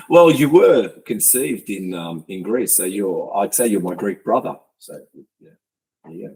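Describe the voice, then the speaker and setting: A man's voice: on the low side, lively intonation, slow pace, darkish tone, husky, poor audio. A man hosting a podcast interview, telling teasing, joking stories in casual chat. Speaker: podcast host.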